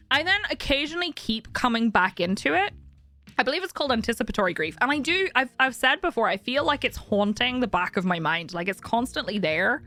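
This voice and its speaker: A woman's voice: medium pitch, sharp tone. A young woman streaming and chatting casually with viewers, candid and talkative, laughing often.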